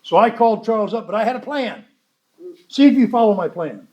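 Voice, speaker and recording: A man with a notably high-pitched voice tells a story to a convention audience. His delivery is blunt and wry, and he slips into the voices of the people he quotes. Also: expressive, fairly quick, a little mellow, muffled recording. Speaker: recovery meeting speaker.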